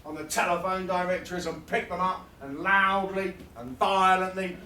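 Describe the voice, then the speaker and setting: Man, performance poet, comic rhythmic delivery, high voice, echoey room, distant mic. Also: fairly even intonation, sharp tone, slight background noise. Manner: rhythmic, comic, building to rapid lists. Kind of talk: live spoken-word performance. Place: fringe festival venue, live audience. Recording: roomy sound from a distant mic.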